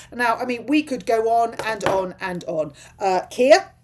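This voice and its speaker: A woman delivers a political rant straight to camera. She is impassioned and speaks in rapid-fire bursts, barely stopping for breath. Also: mid-range voice, lively intonation. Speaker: political vlogger.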